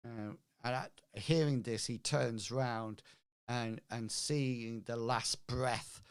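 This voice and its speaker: A man narrating a tabletop game as game master, slow and halting with fillers. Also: mid-range voice, steady tone, smooth, no echo, clean studio sound.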